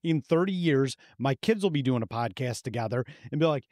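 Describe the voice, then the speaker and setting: Male co-host, 30s, lively pitch, profane, animated storyteller, dry close mic. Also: brisk, no room sound. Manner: heavy swearing, animated storytelling with acted quotes. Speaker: podcast co-host. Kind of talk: casual uncensored podcast chat.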